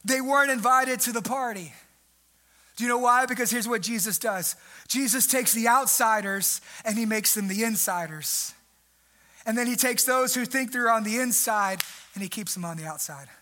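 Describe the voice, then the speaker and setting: High, bright-voiced young male preacher. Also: moderate pace. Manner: animated preaching, jumps pitch and volume for emphasis, mimics people. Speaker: pastor. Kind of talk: sermon.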